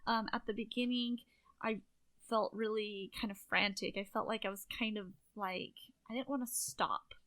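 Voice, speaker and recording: A woman's voice: medium pitch, fairly even intonation, normal speed, fairly bright tone. A young woman co-hosting a podcast, chatting casually and emotionally, often laughing. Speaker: podcast co-host. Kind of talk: casual chat.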